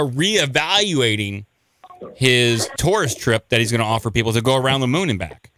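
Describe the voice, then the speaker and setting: A man's voice: mid-range voice, a bit bright. A man hosting a late-night call-in talk show, chatting casually with callers in a rambling way, with restarts. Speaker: radio call-in show host.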